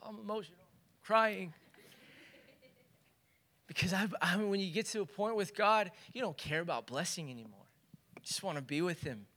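High, bright-voiced preaching man. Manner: earnest, building to fervent exhortation. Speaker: pastor. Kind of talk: sermon.

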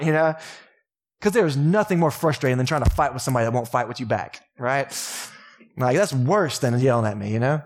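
A young adult man with a Texan accent, preaching a sermon as pastor in a relaxed, joking, conversational way. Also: medium pitch, brisk. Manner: casual, joking, conversational preaching with laughs and asides. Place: church sanctuary.

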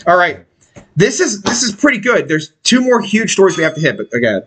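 A man hosting a podcast, ranting loudly with crude, profane banter. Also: high-pitched, brisk, husky. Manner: animated, profane, rants and shouts. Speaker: podcast host.

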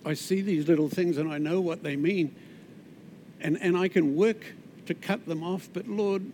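A man with a New Zealand accent preaching a sermon in a conversational way, with asides and restarts, often dropping soft on key words. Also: fairly high pitch, normal speed, slight background noise.

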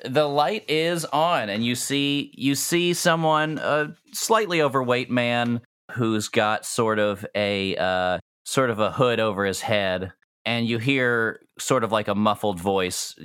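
A man narrates a tabletop game as its game master, at a middling pitch. His delivery is loose and joking, and he drops low and quiet for asides. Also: slow, clean tone, no room sound, studio quality.

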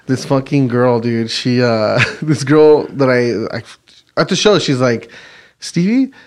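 A man's voice: mid-range voice, takes it slowly. A man co-hosting a casual podcast, telling a story in a laid-back, profane way. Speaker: podcast co-host.

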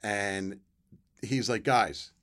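Low-voiced middle-aged guy, ex football player, rambling interview story, acts out everyone he quotes. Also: very slow, fairly bright tone. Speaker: guest, former football player.

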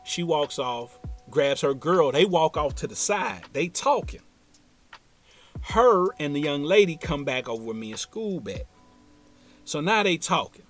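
A man's voice: on the high side, very animated, measured pace, a bit bright, soft background music. A man from Ohio telling a story in a casual, slangy way, acting out the other people in it.

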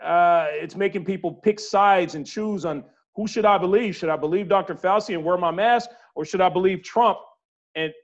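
A man's voice: high voice, normal speed, muffled recording. Blunt profane male podcast host. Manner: blunt, profane, pushes hypotheticals. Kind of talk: casual podcast chat.

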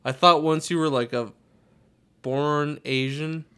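A man's voice: on the high side, steady tone, fairly bright tone, smooth. A man chatting casually on a podcast who teases his co-host with blunt questions and lots of swearing. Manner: profane, teasing, quick questions. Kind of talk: casual chat.

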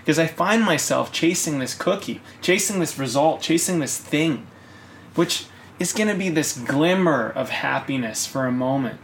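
A man co-hosting a podcast, ranting in casual chat, swearing often and rising into loud bursts. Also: a little high, expressive, normal speed, creaky, slight background noise. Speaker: podcast co-host.

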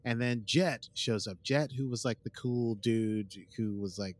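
A man's voice: medium pitch, measured pace. A man co-hosting a podcast, joking dryly in casual chat and recapping an episode's plot. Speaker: podcast co-host.

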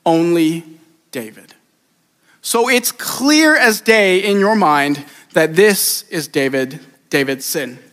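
A man preaching a sermon in a relaxed, conversational way, acting out the people in the story. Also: fairly high pitch, takes it slowly. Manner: casual, conversational preaching with acted-out voices. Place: church sanctuary. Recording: church hall reverb.

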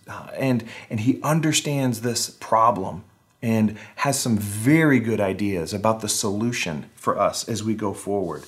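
A man preaching a casual, conversational sermon online, with wry humor, acting out the voices he quotes. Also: medium pitch. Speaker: pastor.

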